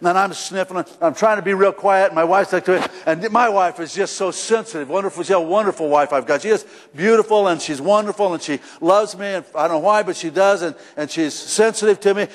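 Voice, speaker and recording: A middle-aged male pastor preaching a sermon in a church, conversational and emphatic, rising to shouts at times. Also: sits high, quick pace, hardly any pauses. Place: church sanctuary. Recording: long hall reverb.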